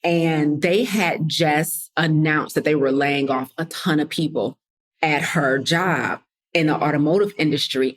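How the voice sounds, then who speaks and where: A woman hosting a casual motivational podcast, talking straight to her listeners and acting out what people said. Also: low voice. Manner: conversational, addresses listeners as y'all, drops into quoted voices. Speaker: podcast host and coach.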